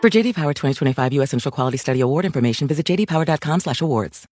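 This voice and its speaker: A man reading a car ad in a brisk, confident way. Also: on the high side, lively intonation, over loud music. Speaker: ad announcer. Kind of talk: scripted ad read.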